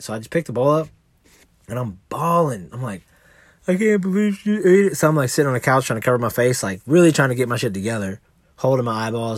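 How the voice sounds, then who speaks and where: Chatting casually on his podcast, this host wanders from point to point, relaxed and cursing without restraint in a rambling monologue. He has a mid-range male voice with a breathy edge, recorded with no room sound.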